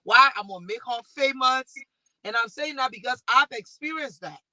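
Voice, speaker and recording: Liberian-accented woman with a bright, dry voice. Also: sits high, moderate pace, no echo, poor audio. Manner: animated storytelling with restarts. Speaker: talk show host and panelist. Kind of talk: panel discussion.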